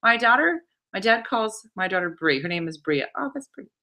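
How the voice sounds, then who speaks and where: Middle-aged female host, casual and laughing, bright and animated delivery. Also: medium pitch, fairly quick. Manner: chatty, laughing, reading viewer comments aloud. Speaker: host of a live wine-tasting show. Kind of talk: casual livestream chat.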